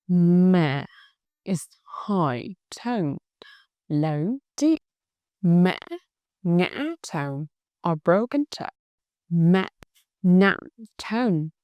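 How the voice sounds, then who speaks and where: A Vietnamese woman with a Hanoi accent teaching a language lesson, patient and encouraging, modelling each word slowly for learners to repeat. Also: lowish voice, very animated, darkish tone, no echo. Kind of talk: slow, clear tone lesson with drills.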